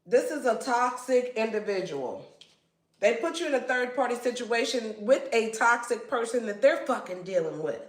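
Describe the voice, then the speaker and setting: A woman's voice: fairly high pitch, expressive, moderate pace. A woman giving a casual tarot reading in a blunt, slangy way and swearing freely. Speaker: tarot reader. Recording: echoey room.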